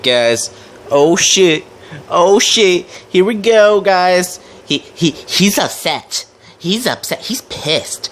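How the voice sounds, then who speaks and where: A young man delivering mocking reaction commentary in a slow, drawn-out way, his voice swinging widely between low mutters and high sarcastic yelps. He swears constantly and stays crude and sarcastic throughout. A faint hiss sits under his voice. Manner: crude, sarcastic, heavy swearing, mock-shouting. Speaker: commentary host.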